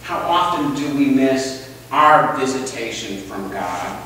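A man's voice: mid-range voice, expressive, slow pace, bright, forceful tone, slight background noise. A male pastor preaching a sermon in church, telling a story and putting questions to the congregation. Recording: echoey church hall, distant mic.

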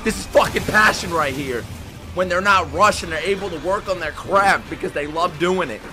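A young man reacting to an anime, shouting, swearing and laughing in excited commentary. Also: sits high, normal speed, loud music behind the voice. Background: anime soundtrack playing.

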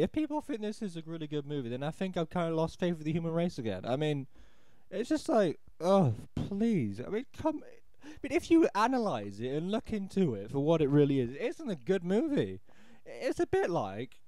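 A man rambles through a sarcastic, fed-up film review, restarting his sentences as he goes. His pitch sits a little high and swings widely. The sound is dry and close, with no room echo. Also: very animated, fairly quick, mellow. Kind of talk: ranting audio film review.

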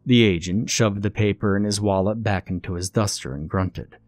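A man reading a scripted horror story in a measured, ominous storytelling manner. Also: on the low side. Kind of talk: scripted narration. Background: faint music.

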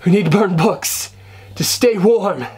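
A man's voice: high voice, unhurried, darkish tone, husky, voice pushed up, exaggerated voice. A young man acting out a young man stranded and freezing in a library, delivering the lines in a raised, dramatic way.

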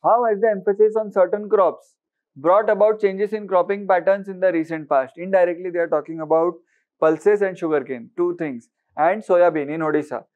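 A man's voice: high-pitched, moderate pace, phone-quality sound. A man with an Indian English accent giving an exam-prep lecture, often asking students questions and slipping in Hindi words. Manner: questioning, mixes Hindi words, repeats for emphasis.

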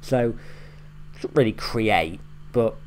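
A man with a fairly low voice hosts a YouTube reaction video, talking through it slowly. He rambles as he explains lines, with loose filler words and swearing scattered throughout.

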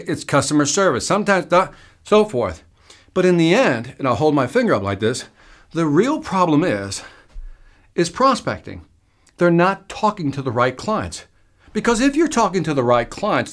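A man coaching salespeople on storytelling in an energetic, emphatic way. His pitch swings widely as he stresses points, and his voice sits a little above the usual for a man. He acts out the quotes he would use on stage. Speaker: sales trainer. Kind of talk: teaching a sales lesson to camera.

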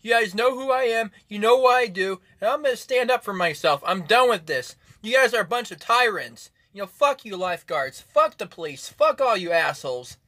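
Agitated young man ranting, bright high voice. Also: expressive, normal speed, hardly any pauses, no room sound, studio quality. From Florida. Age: 20s. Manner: agitated, repetitive, swearing. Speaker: vlogger. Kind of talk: angry personal rant to camera. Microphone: phone camera.

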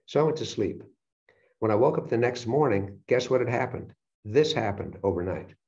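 A man giving a motivational lecture, telling stories and acting out his own reactions with lively energy. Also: medium pitch, moderate pace. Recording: dull lo-fi sound.

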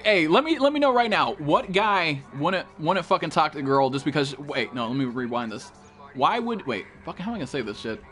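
A young man live-streaming a game, chatting to viewers in a loud, profane way and jumping into high yelps. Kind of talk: live-stream chat while gaming.

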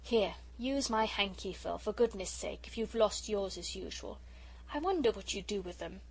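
A woman's voice: mid-range voice, animated, normal speed, slightly rough, rough recording. A woman reading an audiobook, voicing a proud young boy who talks in an off-hand, impatient way.

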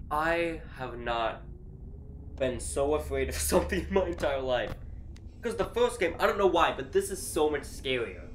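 A man's voice: fairly high pitch, very animated, moderate pace, roomy sound, a little hiss or hum. A man playing a VR horror game as a YouTuber, jumping between nervous laughter and frightened shrieks. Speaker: gaming YouTuber.

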